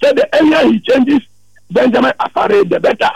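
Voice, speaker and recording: A man calling in to a sports radio show, talking at length in an animated, rambling way. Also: very high-pitched, moderate pace, gravelly, breathy edge, no echo, low-quality recording. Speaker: caller. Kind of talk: call-in sports radio chat.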